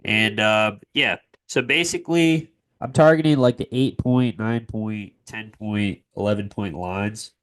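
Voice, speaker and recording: A man's voice: medium pitch, steady tone, a little slow. A young man with a cold, talking through a sports betting walkthrough in a loose, filler-heavy way. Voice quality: nasal. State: congested from a cold. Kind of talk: casual screen-share walkthrough.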